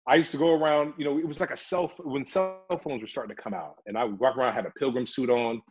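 A man's voice: medium pitch, fast talker, a little mellow, slightly rough, dull audio, soft background music. A middle-aged man, an actor, chatting animatedly in an interview and slipping into voices as he tells stories. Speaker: actor and guest. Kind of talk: casual interview storytelling.

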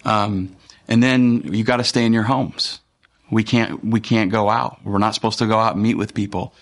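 A man, a pastor, giving a conversational and earnest sermon with frequent pauses and fillers. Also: fairly low pitch, steady tone.

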